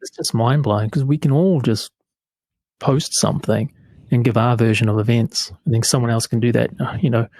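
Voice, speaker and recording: A man hosting a casual chat, musing slowly and reflectively, sometimes groping for the right word. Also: mid-range voice, fairly even intonation, a little mellow, no echo. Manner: reflective, searching for words. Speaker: host.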